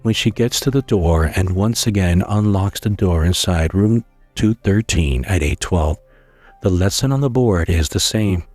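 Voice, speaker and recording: A man narrating a scary story in a slow, hushed storytelling manner, with occasional stumbles. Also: low voice, lively intonation, soft background music.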